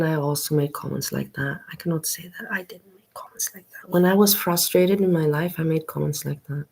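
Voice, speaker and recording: Gravelly, low-voiced woman musing aloud. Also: warm tone. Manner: slow, reflective, repeats herself while searching for words. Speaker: commentator reacting to a video. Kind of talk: casual reaction commentary.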